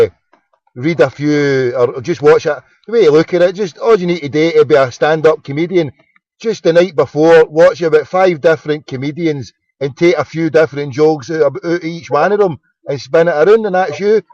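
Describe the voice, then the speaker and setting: A Scottish man rambles through a late-night phone-in, tripping over his words and repeating himself as he goes. His voice sits a bit high for a man. The sound is dull and lo-fi, with no room echo. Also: a little fast, a little mellow. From Scotland. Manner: rambling, stammering restarts, says mate a lot. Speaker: host of a phone-in. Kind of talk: casual phone chat.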